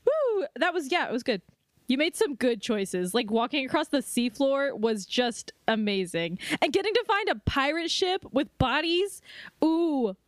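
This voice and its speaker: Brief: young woman co-host, high voice, giggly and playful, close dry sound. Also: very animated, unhurried, dry recording. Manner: giggly, playful, breaks into loud mock wails. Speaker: podcast co-host. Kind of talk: casual comedic book chat.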